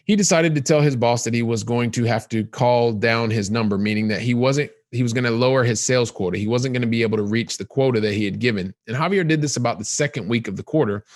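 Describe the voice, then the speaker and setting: A man of middle pitch hosts a podcast and tells a long example story in an animated, looping way. He often repeats phrases for emphasis. The recording is dry and close, with no room sound. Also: no room sound. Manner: animated, repetitive storytelling with many "and so" links. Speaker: podcast host. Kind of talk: storytelling explanation to guests.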